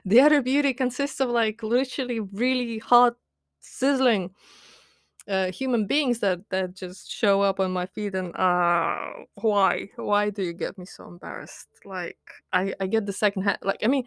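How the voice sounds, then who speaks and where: A young woman rambles through a candid podcast diary rant, stacking fillers and breaking into frequent laughter as she teases herself. Her voice sits at an ordinary middle pitch. The recording is dry and close. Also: fairly even intonation, measured pace, no room sound. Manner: self-mocking, candid. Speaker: podcast host.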